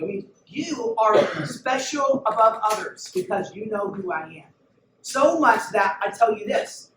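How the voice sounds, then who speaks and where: A high-voiced man preaches emphatically to a youth group. He is heard from a distance in an echoey church room. Steady noise sits under his voice. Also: normal speed. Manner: emphatic, urges listeners to look and listen. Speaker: youth pastor. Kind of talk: sermon.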